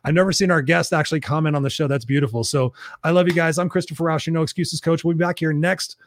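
A male show host and coach wrapping up a live stream, upbeat and effusive, reading out viewer comments, a bit hoarse as he loses his voice. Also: fairly high pitch, steady tone, quick pace, slight background noise. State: losing his voice.

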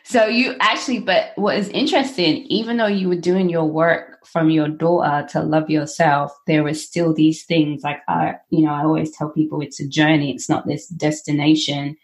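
A woman interviewing a guest in casual, chatty conversation, quick to laugh. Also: low-pitched, steady tone. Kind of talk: casual chat.

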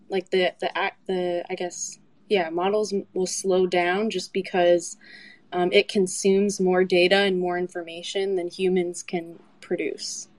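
A woman's voice: fairly low pitch, darkish tone, dry recording. A woman speaking as a guest in a casual chat, hesitant and full of fillers. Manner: hesitant, many fillers and restarts.

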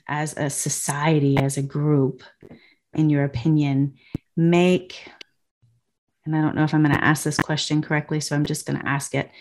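A woman hosting a podcast interview, asking thoughtful questions and searching for her words. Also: sits low. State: widowed. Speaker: podcast host. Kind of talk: interview conversation.

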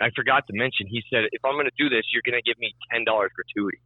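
A man in casual chat tells a long story, swearing freely and acting out both sides of the conversation. His voice sits at a middling pitch. The sound is dry and a little dull, like a lo-fi podcast recording. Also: rapid-fire, dry recording.

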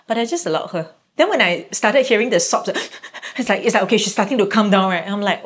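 A woman's voice: a little high, fairly quick, few pauses. A middle-aged woman, a guest parent telling stories casually and acting out quoted reactions. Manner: animated, acts out quoted reactions. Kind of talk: casual conversational storytelling.

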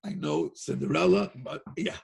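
A man telling a Hasidic tale in an animated, excited way, laughing often and shouting at the high points. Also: moderate pace, vocal fry, husky. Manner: sings a Yiddish-style tune. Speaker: storyteller.

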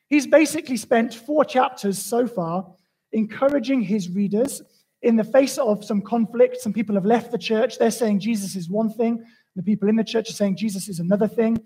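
A man preaching a sermon as pastor, telling a story in a lively, conversational way. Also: very high voice, breathy edge, poor audio.

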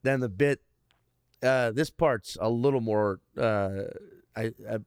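A man's voice: medium pitch, takes it slowly, a little mellow, clean tone, no room sound, clean studio sound. A man in his thirties, a stand-up comedian, telling stories in casual talk with lots of swearing and restarts. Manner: profane, rambling, restarts often. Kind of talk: casual podcast storytelling.

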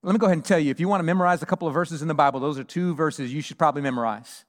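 High-voiced pastor preaching in a reverberant hall. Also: male voice, rapid-fire. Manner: emphatic, shifts between hushed and loud preaching. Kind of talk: sermon.

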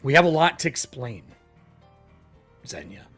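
Halting male game master. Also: mid-range voice, sing-song, a bit bright, slightly rough, faint music behind. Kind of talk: narrating a tabletop game.

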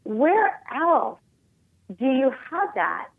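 A woman in her forties speaks as a guest in a phone interview. Her voice comes over a thin, tinny phone line with no room sound at all. She talks in an emphatic, animated way. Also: high-pitched, extremely slow, gravelly, breathy edge, no room sound. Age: 40s.

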